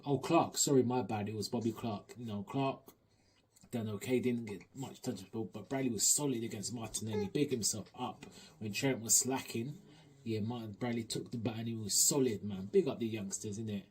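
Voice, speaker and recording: A man giving an animated, slang-heavy, rambling match review as a football fan. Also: fairly low pitch, moderate pace, slight background noise. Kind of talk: excited football fan rant.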